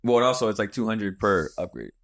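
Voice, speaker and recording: A young man hosting a podcast, telling a story in casual chat, animated and swearing, acting out what people said. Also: lowish voice, fast, vocal fry. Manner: animated, swearing, acts out quotes. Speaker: podcast host.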